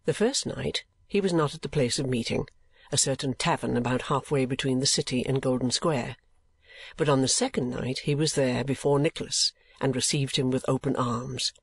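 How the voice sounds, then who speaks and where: A man reading an audiobook in steady, measured storytelling narration. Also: medium pitch, husky, dry recording, studio quality. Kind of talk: scripted narration.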